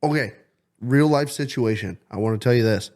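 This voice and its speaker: A man co-hosting a podcast, telling stories in excitable casual chat and swearing often. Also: medium pitch, moderate pace. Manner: excitable storyteller, swears a lot. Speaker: podcast co-host.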